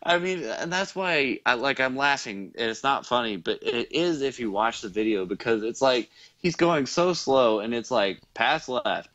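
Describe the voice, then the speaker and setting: A man's voice: medium pitch, expressive, moderate pace, fairly bright tone, dull audio. A man hosting a casual show, recounting a race in a rambling way with frequent laughs, fillers and restarts. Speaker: host.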